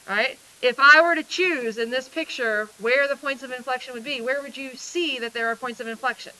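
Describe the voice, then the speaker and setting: A woman's voice: high-pitched, brisk, pushed and bright, slight background noise, rough recording. A woman teaching a math class in a casual, chatty way, often asking questions and then answering them herself.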